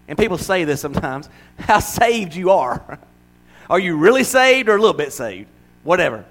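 A man preaching a sermon to his church, animated, acting out little voices and laughing as he goes. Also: high voice. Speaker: pastor.

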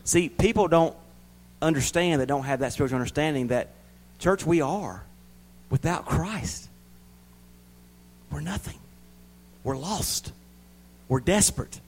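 A man preaching a sermon in a folksy way, repeating words for emphasis and swinging between loud emphatic bursts and quiet asides. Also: fairly high pitch, measured pace, pauses often, slight background noise, poor audio.

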